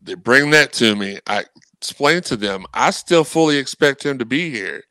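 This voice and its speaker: A man talks sports on a podcast, animated and rambling, and slips into quick impressions of anxious fans as he tells his stories. His voice is smooth and resonant. The recording is close and dry, with no room sound. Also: medium pitch, dry recording, poor audio. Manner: animated, rambling, acts out fan messages. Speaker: guest co-host. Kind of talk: casual sports podcast chat.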